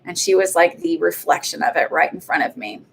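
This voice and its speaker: A woman's voice: fairly low pitch, expressive, brisk, creaky, slight background noise. A middle-aged woman hosting a psychic reading livestream, chatting casually and rambling with lots of fillers and laughs. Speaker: psychic medium livestream host.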